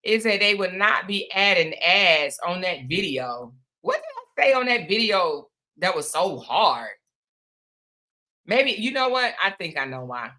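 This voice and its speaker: A woman's voice: mid-range voice, big pitch swings, unhurried, pushed and bright. A woman hosting a casual livestream, chatting with viewers, greeting them by name and calling them y'all and honey. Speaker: livestream host. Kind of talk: casual live-stream chat with viewers.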